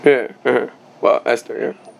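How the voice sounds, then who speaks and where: A man's voice: medium pitch, steady tone, normal speed, gravelly, slight background noise. A man teaching a casual Talmud class, explaining with everyday examples and often restarting his phrases.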